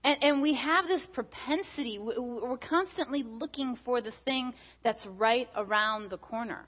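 A woman in her thirties delivers a sermon as a guest speaker. She talks in a chatty, storytelling way, full of fillers and restarts. Her voice is bright and forceful, and the recording sounds dull and lo-fi. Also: on the high side, moderate pace.

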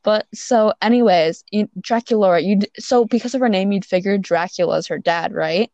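A young woman in casual chat, teasing her friend with quick jokes and asides. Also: medium pitch, dark tone, no room sound, dull audio.

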